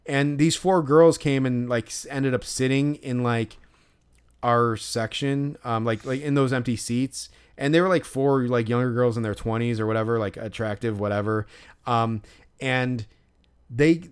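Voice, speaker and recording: A man's voice: mid-range voice, normal speed, smooth. A young man and podcast co-host telling a long, profane, ranting story in casual chat.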